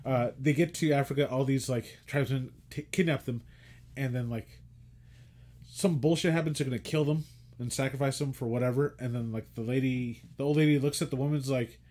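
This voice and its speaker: A man's voice: mid-range voice, fairly quick. A man co-hosting a podcast, retelling an old movie in casual chat, acting out quotes and swearing freely. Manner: animated storytelling, acts out quotes, swears and laughs. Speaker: podcast co-host.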